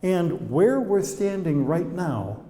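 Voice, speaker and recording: A man's voice: high-pitched, very animated, takes it slowly, mellow, big-room sound. A man guiding a tour of old observatory telescopes, explaining with chatty anecdotes. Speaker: observatory guide. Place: inside old observatory domes.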